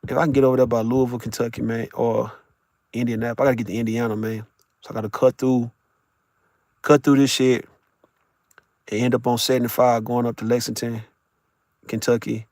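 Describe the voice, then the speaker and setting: A man's voice: mid-range voice, little pitch movement, fairly quick, long pauses, a little mellow, no room sound, clean studio sound. A man live-streaming from his vehicle while driving for work, chatting loosely with viewers in a boisterous, profane way and laughing often. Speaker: live streamer talking to chat. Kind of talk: casual live-stream chat.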